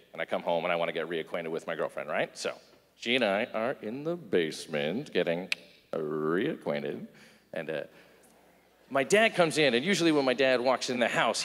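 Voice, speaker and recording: A man doing a stand-up comedy set, telling stories in an animated way and acting out voices. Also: fairly low pitch. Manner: animated storytelling, acts out voices. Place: comedy club stage. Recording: live stage with hall reverb.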